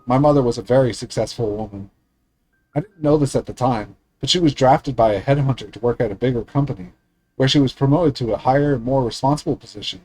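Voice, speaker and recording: A man streamer reading a visual novel aloud in a steady, earnest way with small slips. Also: mid-range voice, poor audio.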